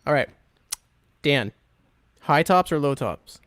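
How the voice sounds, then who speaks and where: A man's voice: a little high, expressive, slow pace, fairly bright tone, no room sound. Dry-sounding upbeat podcast host man. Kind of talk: casual podcast chat.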